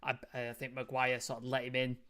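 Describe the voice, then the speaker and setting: A man's voice: mid-range voice, monotone, brisk, bright, forceful tone, clean tone. A man hosting a casual football review chat, loose and chatty, full of fillers. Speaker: host.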